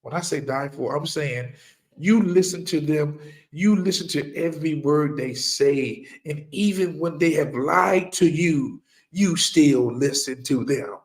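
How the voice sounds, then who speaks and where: Forceful, preachy man, slow and emphatic. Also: fairly high pitch. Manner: emphatic, repeats key lines for effect; rhetorical questions to listeners. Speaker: firearms trainer. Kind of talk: impassioned preaching monologue.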